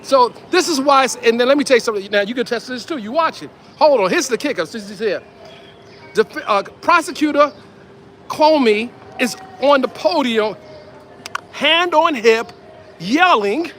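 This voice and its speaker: A man giving excited street commentary outdoors, repeating himself and calling out to viewers as ladies and gentlemen. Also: very high-pitched, moderate pace, a little hiss or hum. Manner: animated, repetitive, addresses viewers as ladies and gentlemen. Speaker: independent commentator.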